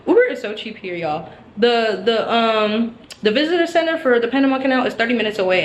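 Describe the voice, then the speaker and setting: A woman's voice: fairly high pitch, animated, brisk, a little hiss or hum. Woman vlogging her solo trip, gushy and chatty, kinda far from the mic, echoey. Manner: chatty, gushing exclamations. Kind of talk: casual vlog chat. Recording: roomy sound from off-mic with faint ambience.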